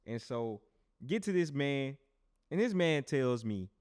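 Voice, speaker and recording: A young adult man hosting a podcast and telling a personal testimony in a loose, animated, conversational way, often speaking straight to his listeners. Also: medium pitch, slow, clear, resonant tone, no echo, studio quality. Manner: animated storyteller who talks straight to listeners; loose and conversational, with frequent restarts. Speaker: podcast host.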